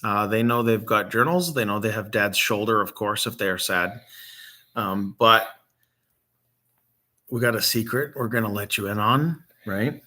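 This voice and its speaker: A middle-aged man from Michigan talks unscripted to the camera in a fairly low, bright, tense voice. He is emotional and close to tears, halting often with ums as his voice catches. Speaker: grieving father and vlog host. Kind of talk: unscripted casual talk to camera.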